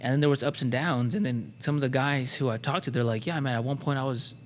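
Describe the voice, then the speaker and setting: A man hosts a podcast in a reflective way, stopping and starting as he works through his thoughts. His mid-pitched voice carries a long reverb, with faint noise behind it. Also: fast talker. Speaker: podcast host.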